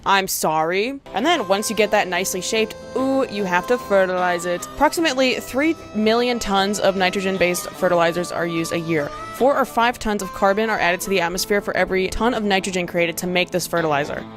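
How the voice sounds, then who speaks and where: A woman's voice: mid-range voice, brisk, few pauses, music in the background. A young woman ranting to camera in a sarcastic, profane, exasperated commentary vlog, breaking into laughs. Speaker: video essayist.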